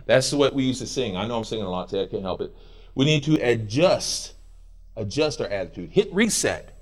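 A middle-aged man preaching in a church with a lively, swooping voice. He is animated and playful, slipping in quoted voices and snatches of song between his points. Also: medium pitch, a little fast. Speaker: pastor. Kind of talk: sermon. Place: church sanctuary.

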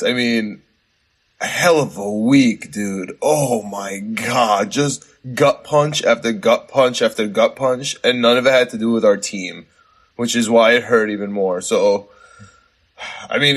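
A man co-hosts a sports podcast in loose, rambling talk, often restarting his sentences. His voice sits in an ordinary middle pitch. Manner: rambling, halting, frequent restarts and laughs. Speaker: podcast co-host. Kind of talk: casual sports podcast chat.

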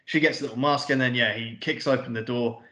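Talking fast in a mid-range voice that is steady yet sharp, this man co-hosts a podcast and casually walks through a movie scene by scene. He rambles, paraphrases lines offhandedly, and swears often; the room audibly echoes.

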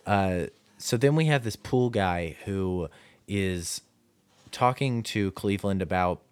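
A man's voice: low-pitched, slow, clear, resonant tone. A man co-hosting a podcast, talking through a film casually with many fillers and restarts. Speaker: podcast co-host.

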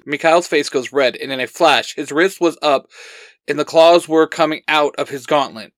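A man narrating a fan story with earnest storytelling, slipping into the lines of his characters. His voice is fairly high for a man, recorded dry and close. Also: normal speed, a bit bright, dry recording. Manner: earnest storytelling, acting out dialogue. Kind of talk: reading fan fiction aloud.

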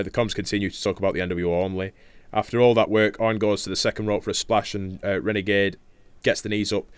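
A man's voice: fairly low pitch, fairly bright tone, smooth, no room sound. A young man, recapping wrestling matches in casual podcast chat, swearing freely, laughing often and trailing off with filler words. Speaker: podcast co-host reviewing wrestling.

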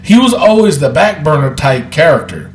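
A man hosting a casual wrestling podcast, talking loudly and excitably and laughing often. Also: fairly high pitch, normal speed, roomy sound, a little hiss or hum. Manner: loud, excitable, laughs a lot. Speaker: podcast host.

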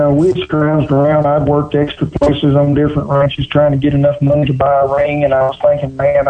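Folksy Oklahoma cowboy man, higher voice. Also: narrow, tinny audio. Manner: drawling, folksy storyteller with country grammar. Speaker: guest. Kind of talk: folksy storytelling interview.

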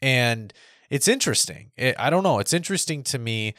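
A man in his thirties talks through a casual podcast monologue, circling back and repeating his points with many restarts. His voice sits at a middle pitch. The sound is dry, with no room echo. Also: animated, fairly quick, fairly bright tone. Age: 30s. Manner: rambling, repeats himself, frequent restarts. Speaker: podcast host.

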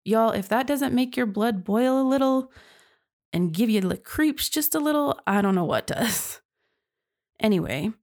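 A woman's voice: medium pitch, a little mellow. A young woman hosting a true crime podcast, telling the case in a chatty, casual way and reacting with disbelief. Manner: chatty, reacts with sighs and laughs, says y'all.

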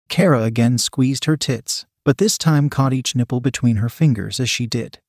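A man giving a scripted story narration in an even, steady reading voice. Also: medium pitch, breathy edge, dry recording, studio quality.

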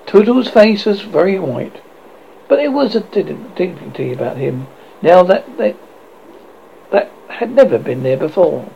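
Gravelly storybook narrator, lo-fi. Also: medium pitch, very animated, a little hiss or hum. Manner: halting read with restarts. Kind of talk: storybook reading. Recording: dull lo-fi recording.

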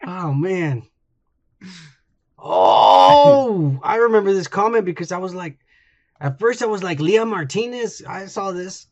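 A man co-hosting a casual podcast, tipsy on beer, loud and profane as he reads out comments. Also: sits high, sing-song, a little slow, highs cut off. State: drinking beer. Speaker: podcast co-host. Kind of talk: drunk casual banter reading comments.

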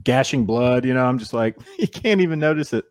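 A man's voice: mid-range voice, brisk, crowd noise. A man, a baseball player being interviewed, chatting casually and acting out the voices of people in his stories. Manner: animated storyteller who acts out quoted voices.

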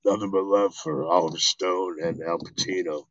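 Deep-voiced man telling animated stories. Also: normal speed, dry recording, dull audio. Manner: animated, profane, acts out quotes. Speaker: actor guest. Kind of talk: casual storytelling interview.

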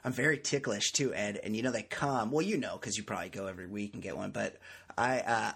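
A man's voice: on the low side, fast talker, gravelly, fairly bright tone, breathy edge. Joking podcast host man. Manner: jokey, rambling, self-mocking. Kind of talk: casual podcast banter.

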